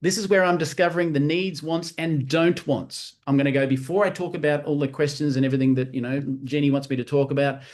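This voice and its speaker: A man giving an energetic, motivational training talk at a live session, repeating key phrases and acting out sales-call dialogue. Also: a little high, fast, few pauses. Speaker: network marketing trainer.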